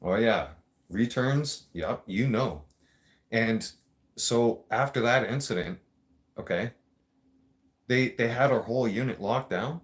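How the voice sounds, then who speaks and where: A man's voice: medium pitch, lively intonation, takes it slowly, pauses often. A man hosting a show, telling a story in a blunt, casual way, swearing constantly and talking straight to his listeners. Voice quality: blunt, heavy swearing, streetwise.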